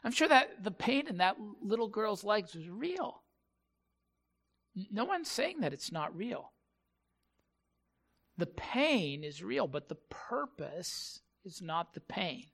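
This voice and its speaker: Bright-voiced preacher man. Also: high-pitched, sing-song, vocal fry. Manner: halting storytelling, repeats words. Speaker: pastor. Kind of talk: sermon.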